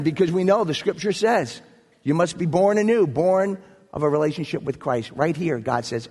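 Husky preacher in an echoey hall. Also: male voice, a little high, lively intonation, normal speed, a little mellow. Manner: earnest, storytelling, building to emphasis. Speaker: pastor. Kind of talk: sermon.

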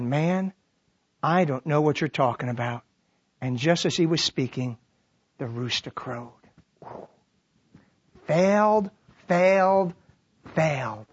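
A man preaching a sermon, animated, acting out quoted lines and dropping to a hushed tone to reflect. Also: a little high, breathy edge. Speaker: pastor. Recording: dull lo-fi sermon recording.

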